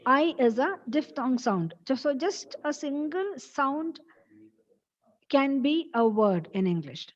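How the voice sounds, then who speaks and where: A woman's voice: high-pitched, lively intonation, slow, highs cut off. A woman teaching a college English class, explaining step by step in a patient lecture style and repeating key points.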